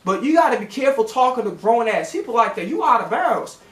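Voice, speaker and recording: A man's voice: very high-pitched, big pitch swings, fast talker. A man telling a casual storytime in a heated, profane rant that acts out both sides of an argument. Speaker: storytime vlogger. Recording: roomy echo.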